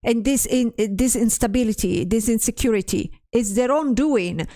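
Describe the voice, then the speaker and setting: A woman's voice: on the high side, normal speed, warm tone. A stressed woman streamer in casual livestream chat, ranting, swearing often and restarting her sentences as she reads chat aloud.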